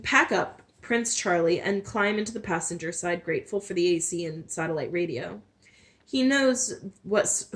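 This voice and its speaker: A woman with a slightly low voice reads a novel aloud in the first person. She keeps an easy bedtime-story pace, with small slips and quick restarts.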